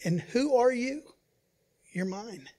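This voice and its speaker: Pastor guy giving a sermon, goes loud then drops to almost a whisper, acts out the voices. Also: very high voice, lively intonation, slow. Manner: swings between loud emphasis and quiet, hushed asides; acts out quoted voices in a dramatic way.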